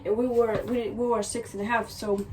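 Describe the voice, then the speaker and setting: A woman vlogger telling a casual storytime in an animated, exasperated way, repeating herself for emphasis. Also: fairly high pitch, moderate pace. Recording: distant mic with noisy background.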